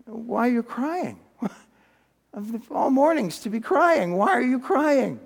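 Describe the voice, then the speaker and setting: Brief: kindly angel read by a male preacher, reassuring and coaxing, higher voice, long reverb. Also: big pitch swings, a little slow, gravelly, full character voice.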